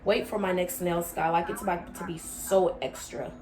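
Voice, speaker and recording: A young female vlogger tells a casual storytime, performing quoted lines with big leaps in pitch and slipping into quiet, low asides. Her tone stays steady and her pace is moderate.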